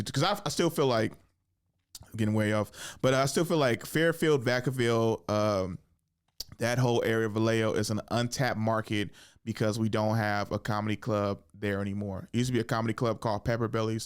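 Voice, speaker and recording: A man in his thirties, a comedian hosting a podcast, talking casually in a rambling, profane, animated way in a podcast studio. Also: medium pitch, clean tone. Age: 30s.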